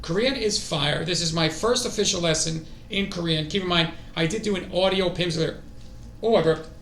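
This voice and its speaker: A man streaming his own language study, excitable and thinking aloud as he goes. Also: high-pitched, normal speed, roomy sound, a little hiss or hum. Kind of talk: casual self-study stream.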